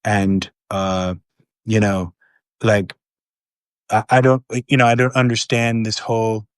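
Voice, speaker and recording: A man's voice: on the low side, little pitch movement, unhurried, no echo, clean studio sound, voice pushed down, lightly acted. A man voicing a mocking impression of a male politician, clumsy, rambling and self-satisfied.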